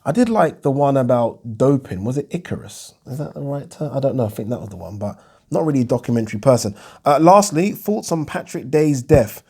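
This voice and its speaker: A man's voice: mid-range voice, very animated, a little fast, creaky, a little mellow, breathy edge. A man answering viewer questions in a casual, chatty vlog, loose and rambling, often breaking off mid-sentence. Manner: chatty, loose, self-interrupting, swears.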